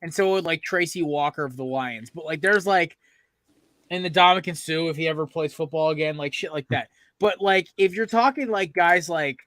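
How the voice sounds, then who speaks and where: A young man hosts a casual sports podcast, rambling and swearing with plenty of excitement. His voice sits a little high for a man, and the sound is close and dry. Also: fairly quick, no echo. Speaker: podcast host.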